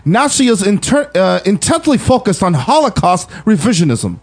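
Male comedy podcast host, high lively voice, a little husky, swears freely. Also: moderate pace. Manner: animated, swears, reads out profiles. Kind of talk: casual comedic podcast chat.

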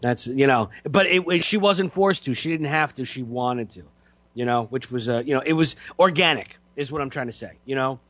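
A man co-hosting a radio talk show, speaking reflectively and haltingly, often repeating words. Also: mid-range voice, fairly bright tone, no room sound. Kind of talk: casual podcast chat.

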